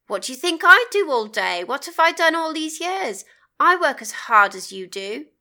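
A woman's voice: high voice, very animated, normal speed, pushed and bright, voice pushed up, heavily acted. Woman reading as a frustrated, pleading wife. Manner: pleading, rising to anger.

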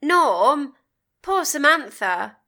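A woman's voice: high-pitched, big pitch swings, drawn-out words, pushed and bright, pitched above the performer's own voice, heavily acted. Woman reading as a frustrated, pleading wife. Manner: pleading, rising to anger.

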